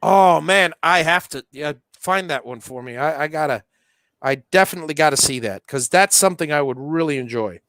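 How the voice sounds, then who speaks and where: A man's voice: a little high, lively intonation, a little fast, a bit bright, dry recording, studio quality. A man hosting a casual livestream, chatting while he solders, with many restarts and fillers. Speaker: livestream host.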